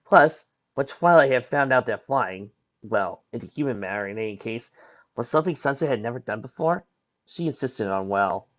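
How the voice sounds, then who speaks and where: A man reading a fan fiction chapter aloud, his voice animated and moving a lot in pitch, with the odd slip he fixes on the go. The sound is muffled and lo-fi, like a home recording. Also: moderate pace. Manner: lively reading with small slips. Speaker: narrator.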